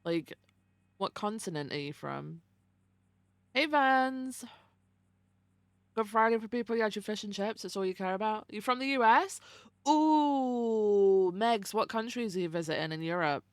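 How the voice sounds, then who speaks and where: A woman's voice: mid-range voice, lively intonation, measured pace, long pauses, dry recording. A young adult woman streamer chatting casually with her viewers, greeting them by name and swearing freely. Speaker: livestreamer.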